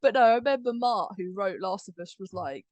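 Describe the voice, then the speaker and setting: A woman's voice: mid-range voice, lively intonation, brisk, darkish tone, no room sound. Chatty woman hosting. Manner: chatty, laughs often. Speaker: host and producer. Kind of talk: casual chat.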